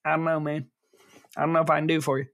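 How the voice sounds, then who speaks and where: A man's voice: on the high side, little pitch movement, very fast, gravelly, a bit bright. A man co-hosting a casual podcast chat, rambling and flustered, repeating himself as he talks. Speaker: podcast co-host.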